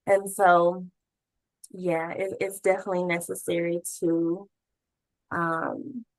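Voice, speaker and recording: A woman hosting an interview, asking thoughtful questions in a relaxed, conversational way with frequent fillers. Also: fairly low pitch, slow, no echo, rough recording. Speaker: podcast host.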